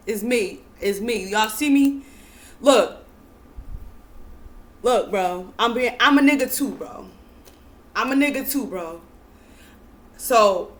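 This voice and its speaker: A young American woman giving an emphatic, repetitive monologue to camera, often building to near-yelling. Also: a little high. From United States. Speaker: spiritual vlogger.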